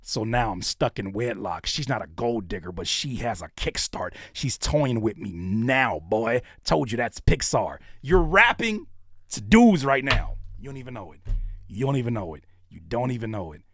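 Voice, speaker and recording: An American man giving live reactions to viewer music, joking and blunt, swinging between shouts and low mutters. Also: big pitch swings, moderate pace. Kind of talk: animated live reaction commentary.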